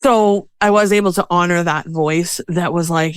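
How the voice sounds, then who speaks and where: A woman speaking as a guest on a podcast, her low-ish voice smooth and resonant. She talks in an animated, conversational way. The sound is close and dry, with no room echo. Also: fairly quick, few pauses. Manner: animated, acts out inner voices in quotes. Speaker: podcast guest, self-care expert. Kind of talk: conversational interview.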